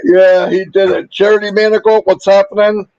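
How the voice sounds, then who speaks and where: A man hosting a casual livestream, upbeat and chatty, rattling off viewer shout-outs while losing his voice. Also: high voice, little pitch movement, normal speed, dull audio. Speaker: livestream host.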